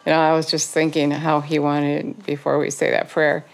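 A woman's voice: low voice, monotone, normal speed, gravelly. A woman preaching a sermon, earnest and exhorting, repeating her points with urgency. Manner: earnest, exhorting, repetitive phrasing.

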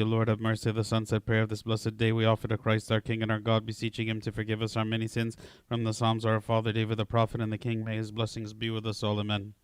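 A man recites liturgical prayers in a steady, flat monotone with almost no rise and fall. His voice is smooth and clean. The sound is dry and close, with no room around it. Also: on the low side, no room sound. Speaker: prayer leader.

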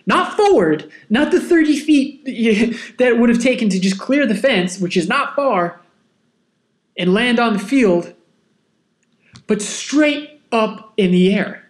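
A man hosting a podcast, telling a personal story in a casual, animated, self-mocking way. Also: very high-pitched, slow. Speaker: podcast host.

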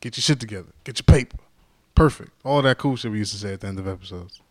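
Rambling alone on his podcast, a man jokes casually and pokes fun at himself. His voice sits lowish and moves fast, and the recording is dry.

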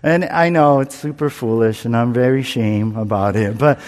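A man's voice: mid-range voice, normal speed, a little mellow. A man preaching a sermon, telling a candid personal story with self-mocking humour and acting out his own panic. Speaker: pastor. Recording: long reverb, as in a large hall.

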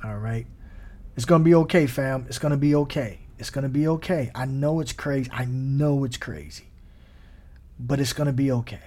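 Mellow-voiced man preaching casually. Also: mid-range voice. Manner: conversational, repetitive encouragement. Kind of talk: informal sermon teaching.

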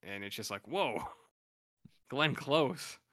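Recapping a TV episode on the podcast he co-hosts, this man talks slowly in a medium-pitched voice that is animated, bright and forceful. His casual chat wanders, packed with fillers and loosely paraphrased quotes.

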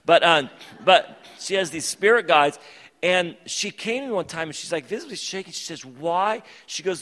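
A pastor preaching a conversational, emphatic sermon that repeats its key phrases. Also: male voice, high voice, normal speed, fairly bright tone. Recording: long reverb of a large hall.

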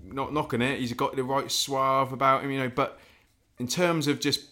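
A man's voice: medium pitch, steady tone, bright, forceful tone. Rambling man chatting. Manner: rambling, halting restarts. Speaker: podcast co-host. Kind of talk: casual chat.

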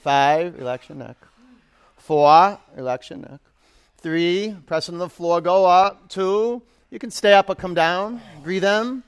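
A male yoga instructor leads a live class with energetic counting and motivating cues. His voice sits a little high for a man, and he slips into casual, rambling storytelling between sets. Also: normal speed, creaky, few pauses, clean tone.

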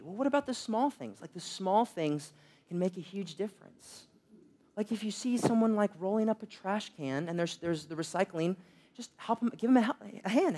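A man's voice: sits high, animated, a little fast, a little mellow. A young man preaching a sermon, telling humorous, self-deprecating stories. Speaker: pastor.

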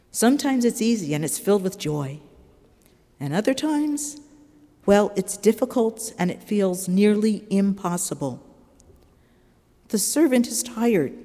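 A woman preacher giving a sermon in a measured, earnest storytelling manner. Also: on the low side, warm tone. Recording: long reverb of a large hall.

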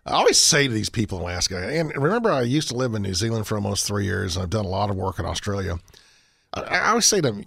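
A man's voice: fairly low pitch, very animated, fast, vocal fry, fairly bright tone, dry recording, clean studio sound. A man, a radio show guest talking in a folksy, rambling way with frequent restarts. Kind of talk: radio talk show interview.

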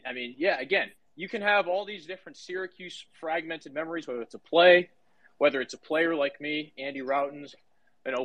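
Bright-voiced male host. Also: a little high, rough recording. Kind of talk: casual chat.

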